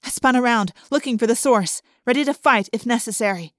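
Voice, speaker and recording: A woman reading an audiobook aloud in first person, expressive, lifting her voice for the characters' lines. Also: brisk, no echo, studio quality. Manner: expressive, lifting pitch for dialogue. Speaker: audiobook narrator.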